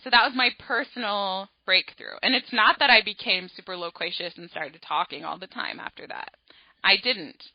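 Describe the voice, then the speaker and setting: A woman hosting an astrology podcast, telling a personal story in a chatty, animated way full of asides. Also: mid-range voice, normal speed, no room sound, highs cut off. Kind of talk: casual storytelling monologue.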